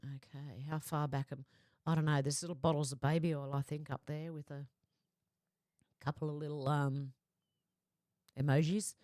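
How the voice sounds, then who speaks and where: A woman with a deep, darkish voice reads viewer comments aloud on her casual livestream, chatty and laughing. Her delivery is flat and moderately paced, with long pauses. She sits close to a desk microphone, and the recording is dry.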